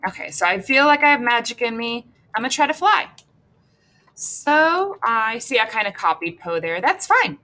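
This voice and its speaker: A woman's voice: fairly high pitch, very animated, normal speed, bright, forceful tone. A woman teacher walking students through a lesson online, thinking aloud as she composes, playful and encouraging.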